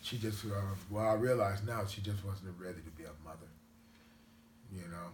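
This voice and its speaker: A man's voice: low voice, normal speed, echoey room, a little hiss or hum. A man who is a father, giving short plainspoken answers and saying "you know" a lot. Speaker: interviewee, father. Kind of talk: casual interview.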